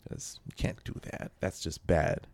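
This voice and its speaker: A man's voice: unhurried, darkish tone, dry recording. A man co-hosting a podcast, chatting loosely through the news with a rambling, jokey manner. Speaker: podcast co-host. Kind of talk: casual news chat. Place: local radio studio.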